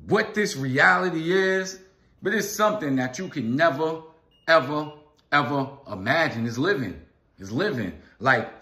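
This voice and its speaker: A man's voice: fairly high pitch, bright, forceful tone. A man vlogging a casual philosophical monologue, repeating phrases for emphasis and calling out to his viewers in loose slang. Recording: echoey room.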